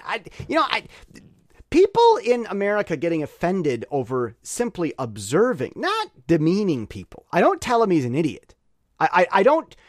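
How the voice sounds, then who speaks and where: A male vlogger talks off the cuff in a rambling, opinionated way, often stumbling and restarting his sentences. His voice sits a bit high and swings widely in pitch. The sound is dry and close. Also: dry recording. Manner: rambling with frequent restarts and repetitions; opinionated, animated. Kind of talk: casual spoken commentary.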